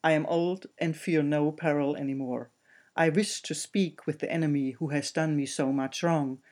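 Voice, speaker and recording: A man voicing a proud, aged male king who speaks gravely. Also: on the high side, fairly even intonation, moderate pace, darkish tone, close to an everyday voice.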